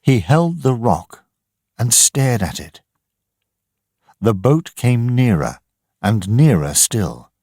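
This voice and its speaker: A man reading a graded storybook aloud in a measured, deliberate way. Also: mid-range voice, big pitch swings, warm tone, dry recording, studio quality. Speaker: narrator. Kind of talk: slow, expressive storybook narration.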